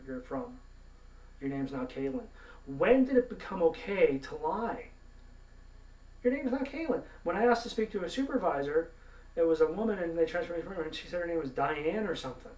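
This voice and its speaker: A man's voice: fairly high pitch, darkish tone. A man from Canada giving a profane, indignant rant to camera as a gaming vlogger. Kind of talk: ranting monologue to camera. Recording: roomy, mic at a distance.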